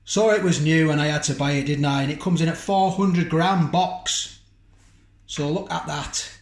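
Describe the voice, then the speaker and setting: A man's voice: fairly high pitch, moderate pace. A man chatting casually in a food review vlog from his home kitchen, rambling and tacking tag questions onto his sentences.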